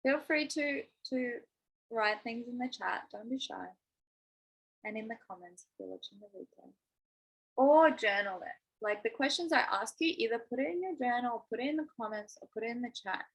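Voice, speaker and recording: A woman's voice: fairly high pitch, expressive, moderate pace, husky, poor audio. A young adult woman coaching a live online masterclass, enthusiastic and encouraging, using spiritual wording. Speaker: manifestation coach.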